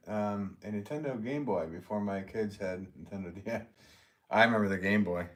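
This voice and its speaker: A middle-aged potter with a lowish, slightly mellow voice hosts a livestream from his pottery studio, where the background is noisy. He chats casually and rambles while reading viewers' comments aloud.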